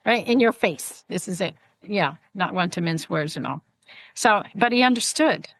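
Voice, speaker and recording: A middle-aged woman, a podcast guest and author, chatting casually and telling personal stories in an animated way. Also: fairly low pitch, vocal fry, no room sound. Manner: animated storytelling, chatty asides. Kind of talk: casual chat.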